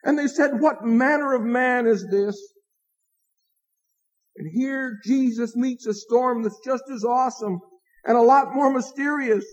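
A man preaching an evening sermon as pastor, earnest, with rising emphasis and dramatic pauses. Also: very high-pitched, low-quality recording.

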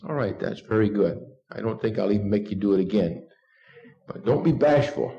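A middle-aged man preaching an evening sermon, earnest and unhurried, leading his listeners to repeat a short text with him. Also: lowish voice, lively intonation, vocal fry, dark tone. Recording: dull lo-fi recording.

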